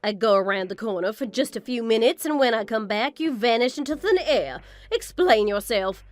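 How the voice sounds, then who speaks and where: A woman's voice: fairly high pitch, expressive, normal speed, faint music behind, close to an everyday voice. A woman voicing a vain, condescending mother-in-law in a scripted story drama. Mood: scornful. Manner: condescending, boastful, theatrical. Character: haughty vain older mother-in-law, scornful.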